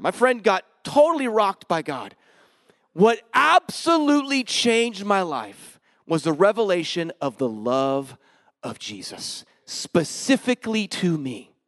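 A man delivers a sermon in a notably high voice, telling his own story with big emotional swings between loud, excited bursts and hushed moments. He talks casually, throwing in slang as he preaches. The sound is dry and close, with no room around it. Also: gravelly, dry recording. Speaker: pastor. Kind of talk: sermon with personal testimony.

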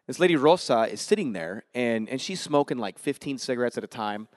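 A man, a visiting missionary, telling a story to a church congregation in a quick, lively way and acting out the dialogue. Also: mid-range voice, no echo. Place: church service.

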